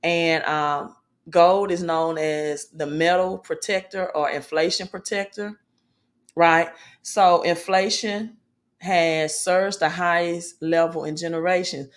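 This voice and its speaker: A woman's voice: fairly low pitch, fairly even intonation, slow pace. Emphatic woman talking finance. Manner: emphatic, asks "right?" often, informal grammar. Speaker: finance video host. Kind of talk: casual finance commentary.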